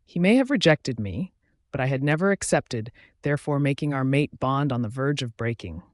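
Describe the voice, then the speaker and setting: Man, story narrator, first-person reading, steady even pace, mid pitch, dry close sound. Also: normal speed, no room sound.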